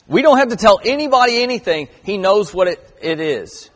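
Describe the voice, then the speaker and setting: High-voiced man preaching in a reverberant hall. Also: sing-song, fairly quick. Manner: conversational preaching with emphatic stresses and scripture reading. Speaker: pastor. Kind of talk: sermon.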